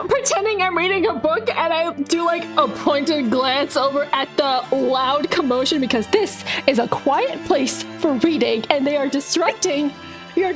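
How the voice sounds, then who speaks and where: A woman's voice: sits high, low-quality recording. A woman playing a tabletop role-play game, talking casually with many "like"s about her character. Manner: chatty, lots of "like", quick and bubbly. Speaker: player.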